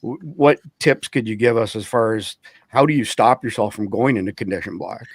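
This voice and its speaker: A man hosting a podcast, asking a guest measured, explanatory questions. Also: lowish voice, dry recording. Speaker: podcast host. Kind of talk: interview questions.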